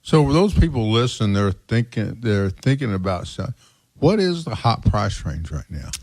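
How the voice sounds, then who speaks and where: A man's voice: fairly low pitch, big pitch swings, moderate pace, a little mellow, no room sound. A man hosting a weekly radio show about real estate, chatting casually with friendly banter.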